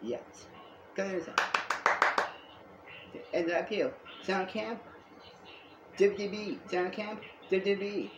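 A man rambling excitedly in a home video monologue, repeating himself and jumping between topics. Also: sits high, takes it slowly, pauses often, highs cut off, background noise. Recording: echoey room.

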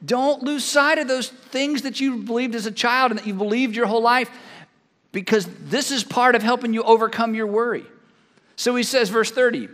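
A man preaching an animated sermon as pastor, acting out both sides of imagined conversations. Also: very high-pitched, big-room sound. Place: large church hall.

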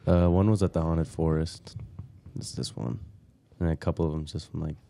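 A man's voice: very deep voice, steady tone, normal speed, creaky, dark tone. A young man in a casual podcast chat, goofy and playful.

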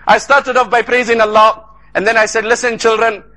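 A man's voice: very high voice, steady tone, brisk, bright, forceful tone. A man from South Africa giving an emotional sermon, telling stories in repeated cadences with Arabic phrases mixed in. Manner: impassioned, repetitive cadences, sprinkled with Arabic phrases. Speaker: Islamic lecturer.

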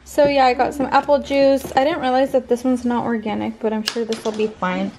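A young woman with a slightly high voice and a flat, brisk delivery chats to her handheld camera in a casual shop-with-me vlog, rambling and using lots of fillers as she shows off her shopping. She films first in her car, then at home, with loud background noise throughout.

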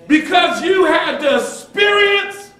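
A man preaching a sermon as pastor, with call-and-response and sudden dramatic shouts, recorded in a church. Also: very high voice, animated, takes it slowly, soft background music. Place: church sanctuary. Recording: echoey church hall from far off.

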